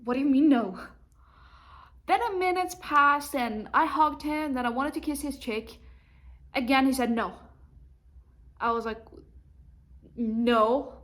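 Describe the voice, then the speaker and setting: A woman's voice: sits high, takes it slowly, long pauses, fairly bright tone. A young adult woman vlogging at home, telling a personal story to the camera and acting out the things people said in a raised voice. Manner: acts out quoted dialogue in a raised voice.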